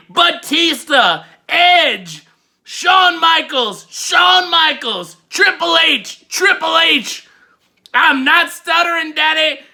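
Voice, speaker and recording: Man putting on a loud, boastful wrestling-promo persona; gravelly, high and bright, yelling "brother" constantly. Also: full character voice. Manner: shouty, calls everyone brother and daddy.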